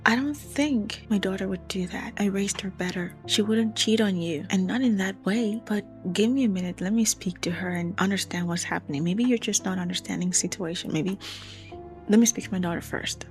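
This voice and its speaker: A woman voicing a middle-aged mother who speaks in a calm, reassuring, soothing way. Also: medium pitch, brisk, faint music behind, lightly acted.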